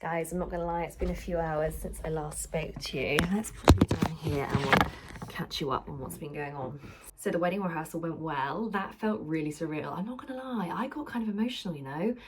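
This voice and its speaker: A woman's voice: sits low, fairly quick. A young woman chatting casually to camera at home in an upbeat way, with many fillers. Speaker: vlogger. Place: home, indoors. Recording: camera mic from a distance, faint ambient noise.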